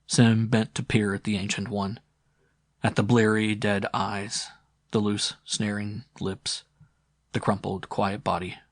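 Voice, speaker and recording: A man narrating a science fiction audiobook in a steady, dramatic reading. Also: lowish voice, a little slow, dry recording, clean studio sound. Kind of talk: scripted narration.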